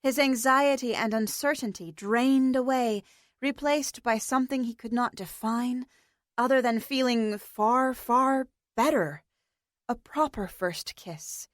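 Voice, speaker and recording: A woman reading a post-apocalyptic novel aloud as an audiobook narrator, in a measured, even manner. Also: on the high side, no echo, clean studio sound. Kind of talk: scripted narration.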